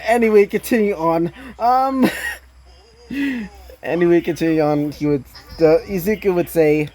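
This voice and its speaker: Woman narrator, fan story, rambling with fillers, low, slow, mellow. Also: lively intonation. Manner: rambling, many fillers, laughs at own slips. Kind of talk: casual fan-fiction story reading.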